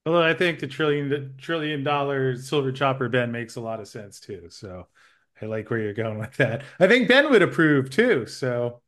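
A man hosting a weekly show, chatting on a call in a playful, giggly way with quick asides. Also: medium pitch, animated, a bit bright. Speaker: show host. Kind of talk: casual chat. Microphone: remote call.

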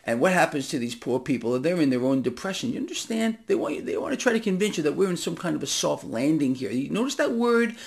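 Gravelly, impassioned man ranting. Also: a little high. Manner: impassioned, swinging from loud outbursts to hushed asides. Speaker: financial commentary vlogger. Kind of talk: direct-to-camera ranting monologue.

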